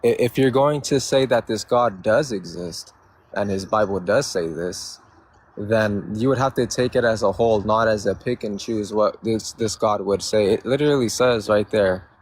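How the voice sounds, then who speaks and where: A man calling into a podcast to argue his view, speaking in a halting, measured way with frequent restarts. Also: fairly low pitch. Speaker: caller. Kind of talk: debate argument. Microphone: remote call mic.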